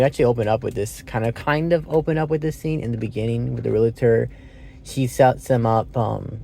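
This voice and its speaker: A man's voice: medium pitch, creaky, darkish tone. A man giving a casual, rambling solo movie review, thinking aloud with lots of fillers, self-corrections and casual swearing.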